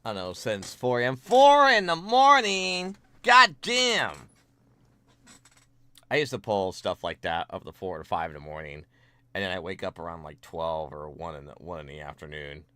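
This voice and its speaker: A young man streaming from home, chatting casually with viewers while drawing, swinging between quiet mumbles and loud excited greetings. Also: sits low, a little fast, no room sound.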